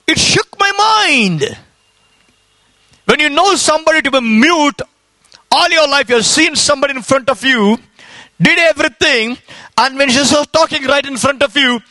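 A man's voice: extremely high pitch, bright, forceful tone, dry recording. A man from India giving a fervent sermon testimony as an evangelist, telling his story with repetition and rising exclamations.

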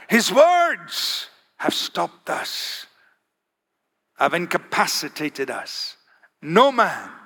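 A man preaching, voicing stunned male temple guards in a lowered, hushed tone. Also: long reverb tail, heavily acted. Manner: hushed, lower and softer than his own voice. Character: awed male temple guards reporting back.

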